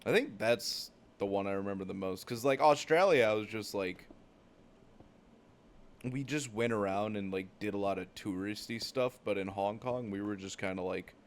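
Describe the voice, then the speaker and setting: A young American man hosting a gaming channel tells rambling, profane travel stories packed with "like" fillers while he plays. His pitch is fairly low, and there is slight background noise.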